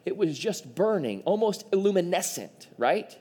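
A man preaching a sermon as pastor, animated and acting out the people in his story. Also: sits high, unhurried, breathy edge. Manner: animated, acts out quoted voices.

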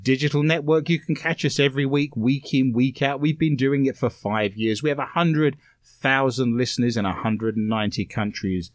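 A man's voice: mid-range voice, moderate pace, no room sound. A man hosting a comedic radio talk show in a studio, playful and teasing, full of innuendo.

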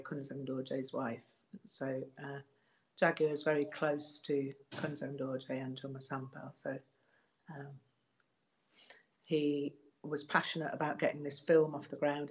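Hesitant woman reminiscing, muffled audio. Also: deep voice. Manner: hesitant, many ums and restarts. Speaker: interviewee. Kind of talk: casual reminiscing interview.

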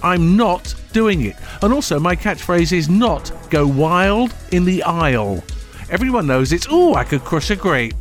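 A man's voice: high voice, big pitch swings, a little slow, soft background music. A man playing a sulky, haughty TV presenter in a comedy sketch.

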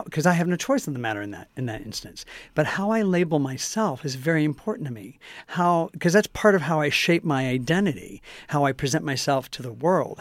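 A man's voice: on the high side, dry recording. A man co-hosting a talk show, chatting casually and often restarting his phrases. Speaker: co-host.

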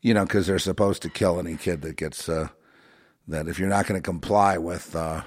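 A man talking as a show host in a rambling monologue, emotional and full of fillers, swinging between loud outbursts and low mutters. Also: steady tone, moderate pace. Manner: many fillers and restarts.

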